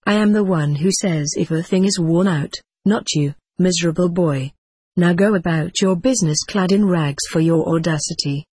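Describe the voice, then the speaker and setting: A woman's voice: lowish voice, moderate pace, mellow, breathy edge, no echo. A woman voicing a stern, pompous older male monk who bullies the boys in his charge, read in a plain storybook manner. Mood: bellowing. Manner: scolding, blustering, then falsely sweet.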